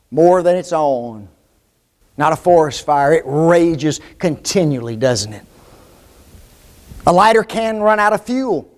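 A high-voiced man preaches a sermon, hammering his points home with emphatic repetition. He keeps throwing short tag questions at his listeners.

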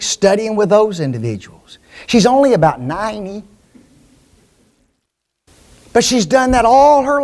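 Emphatic high-voiced preacher man. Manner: emphatic, rhetorical questions, swings between loud and hushed. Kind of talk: sermon.

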